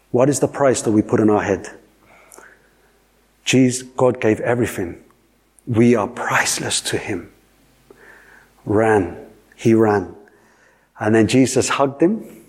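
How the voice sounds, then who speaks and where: Emphatic preacher with a husky voice. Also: male voice, lowish voice, slow, long pauses, a little mellow. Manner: repetitive, emphatic, asks the audience questions. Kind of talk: sermon.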